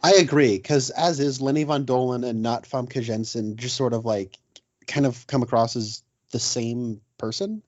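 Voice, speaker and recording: A man's voice: medium pitch, steady tone, moderate pace, darkish tone. Man, podcast co-host, casual rambling chat, hesitant, dull lo-fi sound. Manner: rambling, hesitant, many fillers.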